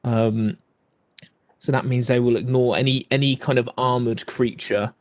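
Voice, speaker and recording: A man's voice: medium pitch, level tone, moderate pace, dry recording. A man narrating as game master, describing scenes and rules with plenty of ums and "kind of".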